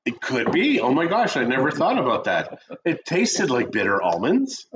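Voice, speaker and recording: A man's voice: medium pitch, huge pitch swings, normal speed, noisy background. A middle-aged man co-hosting a casual coffee chat, joking around and telling stories with lots of animation. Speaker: co-host of a real estate chat show. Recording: dull lo-fi stream audio.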